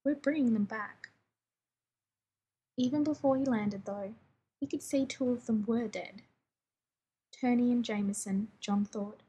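A woman reading a story aloud in a wry, even way. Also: on the high side, unhurried, slight background noise, low-quality recording. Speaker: reader.

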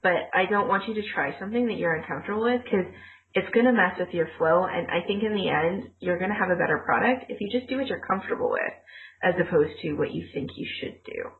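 Woman, lower voice, teacherly rambling co-host, tinny phone-line sound. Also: fast talker, a little hiss or hum. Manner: explanatory, teacherly, rambling with fillers. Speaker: podcast co-host, former ESL teacher. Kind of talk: casual chat.

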